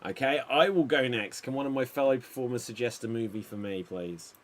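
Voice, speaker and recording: A man's voice: medium pitch, a little fast. A man hosting a live improv stream, calling time and picking performers. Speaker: improv show host.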